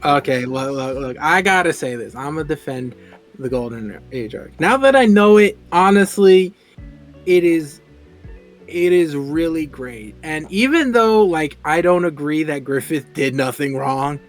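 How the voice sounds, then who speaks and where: Animated young-sounding podcast guy. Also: fairly high pitch, unhurried, faint music behind. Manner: animated, laughs often, repeats words when excited. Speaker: podcast co-host. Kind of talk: casual podcast chat.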